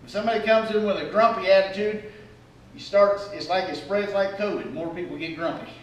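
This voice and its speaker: A male pastor preaching a sermon, animated and humorous, acting out the attitudes he describes. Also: high voice, brisk, dull audio, slight background noise. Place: church sanctuary. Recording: echoey church hall from far off.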